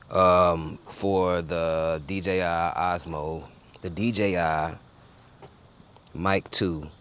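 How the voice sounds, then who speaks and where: A man reviewing gear tests a wireless clip-on mic outside, rambling loosely to his viewers as people are faintly heard nearby. His voice sits low but a bit bright, with a clear, resonant tone.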